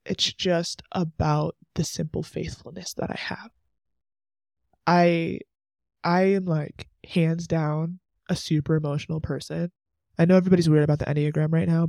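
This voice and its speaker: A man's voice: fairly high pitch, fairly even intonation, normal speed, creaky, darkish tone, dry recording, clean studio sound. A man in his twenties hosting a faith podcast, talking earnestly and emotionally in a chatty way, full of "like" asides. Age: 20s. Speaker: podcast host.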